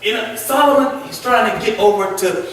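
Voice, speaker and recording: A man's voice: high voice, normal speed. A man teaching a Sunday school Bible lesson as a deacon, in a folksy way, laughing often and repeating words. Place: church. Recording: echoey church room from far off.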